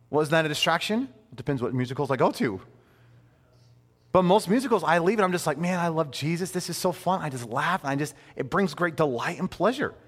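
Brief male pastor, 30s, lively pitch-swinging delivery, slightly high voice, long hall reverb. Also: husky. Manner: animated, conversational, with playful asides. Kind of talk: sermon.

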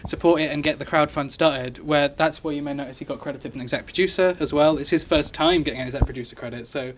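A man, a young film director, answering questions at a live cinema Q&A, halting and full of ums. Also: fairly high pitch, a little hiss or hum. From England. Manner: halting, with many ums and uhs. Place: cinema with an audience.

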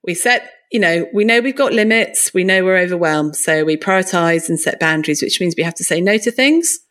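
Woman host, casual interview chat, animated delivery. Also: brisk. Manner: animated, jumps high when acting out other people's thoughts. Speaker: podcast host.

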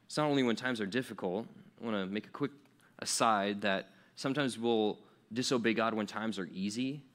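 A man's voice: fairly low pitch, fairly quick, fairly bright tone. A young man giving a casual, conversational sermon to teenagers as a youth pastor, acting out grumbling quotes with fillers and restarts. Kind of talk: sermon to teens.

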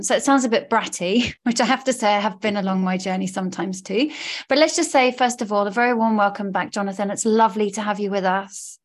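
A woman's voice: medium pitch, fast. A woman hosting a casual podcast as a coach, upbeat and gushing. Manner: upbeat, gushing, warm encouraging patter. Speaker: podcast host, law of attraction coach. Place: studio.

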